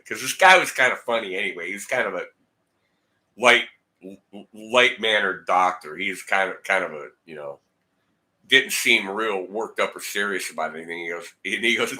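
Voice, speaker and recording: A man's voice: on the low side, moderate pace, pushed and bright. A man telling a long personal story in a rambling, casual way, acting out the dialogue and repeating words. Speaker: guitar channel host. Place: home, indoors.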